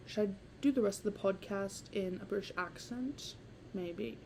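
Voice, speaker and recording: A late-teen girl hosts her own solo podcast, rambling casually with plenty of "like" and frequent giggles. Her mid-range voice has vocal fry and a warm tone at a moderate pace, with a little hiss or hum.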